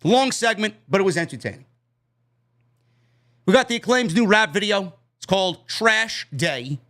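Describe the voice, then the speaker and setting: A man's voice: high-pitched, animated, normal speed, sharp tone. A man with a New York accent giving a loose, chatty recap of a wrestling show, with fillers and casual swearing.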